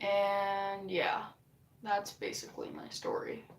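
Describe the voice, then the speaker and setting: A woman vlogger tells a long, rambling story in a casual way, swearing often and acting out the lines other people said. Her voice is medium in pitch and slow.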